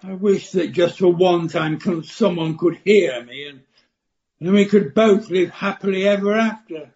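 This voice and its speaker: Woman doing a pompous little frog prince, slow and theatrical, kinda muffled radio play sound. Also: on the low side, darkish tone, a little hiss or hum, close to an everyday voice. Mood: pleading. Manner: theatrical, fussy and pleading. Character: frog prince, young male, hopeful and pompous. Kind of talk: amateur radio play acting.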